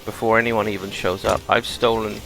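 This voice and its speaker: A man's voice: lowish voice, level tone, fairly quick, gravelly, fairly bright tone, rough recording. A British man giving chatty gameplay commentary, explaining game mechanics as he plays. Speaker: gameplay streamer.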